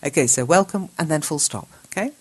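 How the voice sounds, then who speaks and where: Low-voiced woman teaching English. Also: expressive, husky. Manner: patient, spells out punctuation and capitals slowly. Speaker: English teacher and show host. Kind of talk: reading out chat comments and correcting them.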